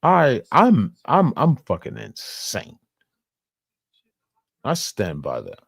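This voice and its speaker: A man's voice: medium pitch, huge pitch swings, takes it slowly, creaky, husky, dry recording, studio quality. A man hosting a live stream, reacting in a profane, rambling way and laughing often.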